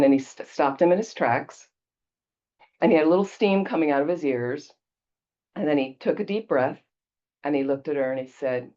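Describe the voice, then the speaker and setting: Low-voiced woman Buddhist teacher. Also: lively intonation, brisk, warm tone, muffled recording. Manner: conversational storytelling, checks in with "okay?". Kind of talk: casual dharma talk.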